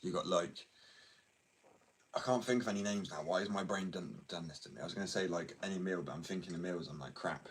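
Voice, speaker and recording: Rambling low-voiced British guy. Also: fast, far from the mic, slight background noise. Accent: British English. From United Kingdom. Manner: rambling, self-mocking, swears casually. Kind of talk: casual chat. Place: at home, indoors.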